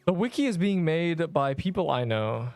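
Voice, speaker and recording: With soft music in the background and no room sound, a young male streamer rambles through slangy chat with his viewers while gaming. His voice sits on the high side and is very animated, darkish in tone, at a moderate pace.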